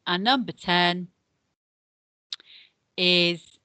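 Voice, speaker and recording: An English woman teaching a recorded Spanish lesson for beginners. She speaks slowly and deliberately, modelling each word for pupils to copy. Her voice sits slightly low, recorded dry and close. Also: a bit bright, no echo. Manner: slow, careful modelling of pronunciation.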